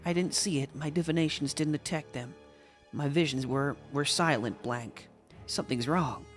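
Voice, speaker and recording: A man's voice: on the high side, normal speed, soft background music, lightly acted. A man voicing a panicked, guilt-ridden older male court seer who stammers.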